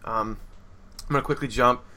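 A man's voice: mid-range voice, fairly even intonation, moderate pace, sharp tone. A young man hosting a casual chat, rambling with lots of fillers and acted-out quotes.

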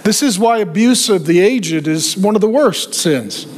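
High-voiced joking preacher. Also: male voice, measured pace, a little hiss or hum. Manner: animated, joking asides. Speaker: pastor. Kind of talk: sermon.

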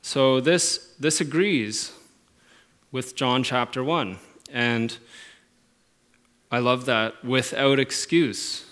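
A man preaching a sermon, earnest, moving from quiet reflective phrases to emphatic, stressed lines. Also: mid-range voice, very slow, long pauses. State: emotional at moments. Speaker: pastor.

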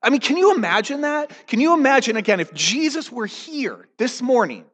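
A man preaching a sermon as pastor, animated, telling the story and acting out the quotes. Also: very high-pitched, fairly quick, big-room sound. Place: church.

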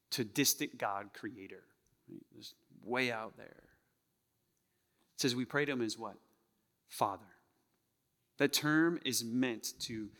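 A man's voice: medium pitch, a bit bright, long reverb tail. A male pastor delivering a sermon in a conversational way, often checking in with the congregation. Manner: conversational, keeps asking the crowd "right?". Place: church sanctuary.

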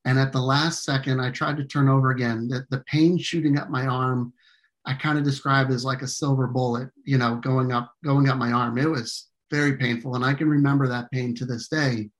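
Speaking in a mid-range voice with fairly even intonation, a male interview guest recounts a personal story. He's earnest but halting, often restarting and using fillers.

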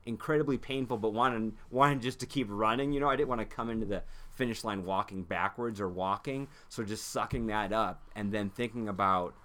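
Male guest, bright tone, casual chat, emotional storyteller. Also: on the low side, brisk, few pauses. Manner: emotional storytelling, acts out his own past outbursts. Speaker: guest, ultrarunner in a film.

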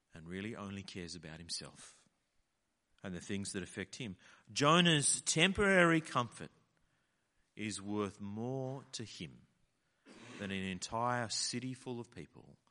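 A man preaching a sermon in an animated way, acting out the lines he quotes. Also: fairly low pitch. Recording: long hall reverb.

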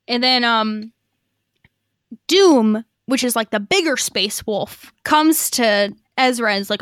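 A woman's voice: a little high, lively intonation, takes it slowly, long pauses, fairly bright tone, no room sound, studio quality. A woman podcast co-host giving a casual, chatty episode recap, swearing freely and acting out quotes. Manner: chatty, profane, lots of fillers and acted quotes.

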